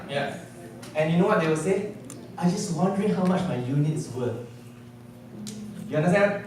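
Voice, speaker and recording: A man giving a sales seminar to a live audience, constantly checking in with quick questions. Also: high voice, recorded from a distance, slight background noise. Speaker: sales trainer. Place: large hall with an audience. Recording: echoey hall, mic from afar, audience.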